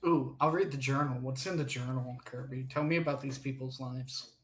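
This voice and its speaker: A man's voice: medium pitch, fairly even intonation, normal speed, slight background noise. A man playing a tabletop game, playful and jokey as he declares his character's actions. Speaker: player. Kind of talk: casual tabletop game play over voice chat.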